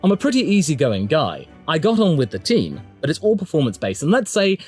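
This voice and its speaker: A man voicing an easygoing adult male Australian racing driver, with a put-on Australian accent and a relaxed, matter-of-fact delivery. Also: on the high side, brisk, slightly rough, soft background music, heavily acted.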